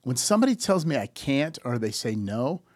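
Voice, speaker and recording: A man's voice: medium pitch, big pitch swings, moderate pace, a little mellow, no room sound, clean studio sound. A man in his fifties talking casually on a podcast, telling stories animatedly, acting out quoted dialogue and often restarting his sentences. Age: 50s. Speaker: podcast guest.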